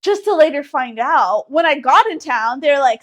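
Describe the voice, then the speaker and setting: High, animated young woman podcaster. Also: moderate pace. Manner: animated, swearing, exaggerated retelling. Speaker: podcast co-host. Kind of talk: casual storytelling chat.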